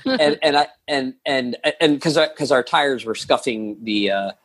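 A man's voice: mid-range voice, a little slow, fairly bright tone. A man telling a long story as a podcast guest, rambling with many restarts and acting out the quotes. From lives in New York. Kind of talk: casual storytelling.

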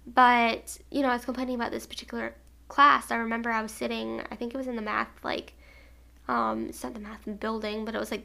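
Gravelly-voiced young woman telling a story. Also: a little high, a bit bright. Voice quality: vocal fry. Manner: rambling, filler-heavy with frequent "like". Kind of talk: casual storytime.

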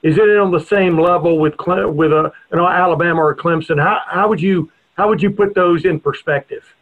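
A male radio host works his way through questions, stammering and restarting as he goes. His voice sits somewhat high, and the audio is thin and narrow like a phone line. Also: normal speed. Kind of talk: casual radio interview.

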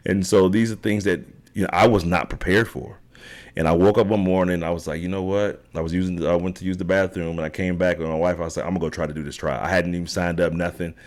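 Brief: very deep man, middle-aged, loose rambling storyteller, tags lines with "right?". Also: little pitch movement, fast. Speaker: podcast guest, triathlete. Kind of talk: casual storytelling interview.

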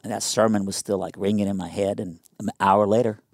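A young man telling a personal story in a casual interview, animated and conversational with lots of fillers. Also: lowish voice, a little fast, no room sound, clean studio sound.

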